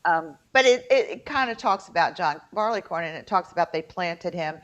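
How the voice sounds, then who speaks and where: A woman's voice: fairly low pitch, expressive, normal speed, fairly bright tone. A woman co-hosting a podcast, chatting casually and telling stories with many fillers. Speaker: podcast co-host. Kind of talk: casual chat. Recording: dull lo-fi recording.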